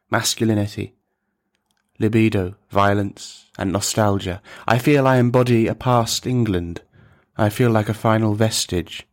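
A male narrator with a low voice tells a dark comic story from a script in a measured, deadpan way.

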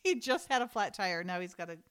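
A woman's voice: lowish voice, animated, fairly quick, a bit bright, clear, resonant tone. A woman co-hosting a casual podcast, retelling a TV episode scene by scene and laughing along the way. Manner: chatty retelling, acts out the characters' lines, laughs often. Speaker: podcast co-host recapping a TV episode. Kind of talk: casual chat.

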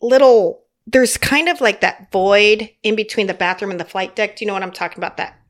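A woman's voice: medium pitch, a little fast. A middle-aged woman, a flight attendant guest, telling stories in casual chat and laughing often. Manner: giggly, animated storyteller who laughs often.

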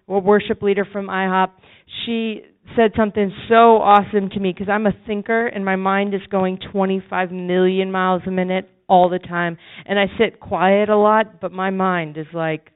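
A woman's voice: mid-range voice, clean tone. A woman preaching a sermon in an impassioned, pleading way. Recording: phone-like narrow sound.

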